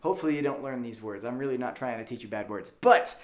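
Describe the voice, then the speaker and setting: A young man giving a casual language lesson, lively and playful as he demonstrates sounds with exaggerated examples. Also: medium pitch, fast. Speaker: French teacher.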